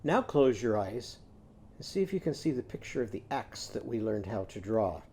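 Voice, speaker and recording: A man's voice: mid-range voice, warm tone. A man teaching a children's literacy lesson, patiently guiding young listeners through sounds and letters.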